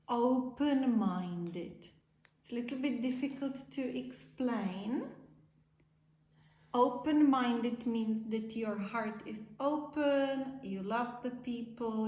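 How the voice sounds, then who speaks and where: A woman teacher giving a slow, simple English lesson to young children, repeating key words. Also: on the high side, a little mellow, roomy sound, poor audio.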